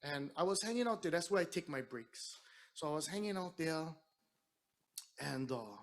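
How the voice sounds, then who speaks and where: A man's voice: fairly high pitch, moderate pace. Chatty middle-aged Hawaiian man. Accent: Hawaiian Pidgin-tinged English. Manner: chatty, animated storyteller who acts out quotes. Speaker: singer and entertainer. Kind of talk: storytelling to an audience between songs.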